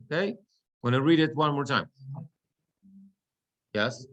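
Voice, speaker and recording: A male cantor teaching a class how to read the Torah, explaining the marks and then chanting verses in drawn-out cantillation. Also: mid-range voice, lively intonation, a bit bright. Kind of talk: class instruction with chanted examples. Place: synagogue classroom.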